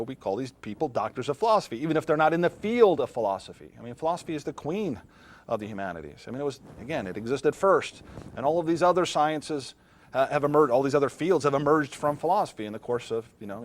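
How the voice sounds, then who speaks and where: A man's voice: medium pitch, very animated, fast. A middle-aged man, a philosophy professor, lecturing a class in a classroom in a conversational way, often putting questions to his students.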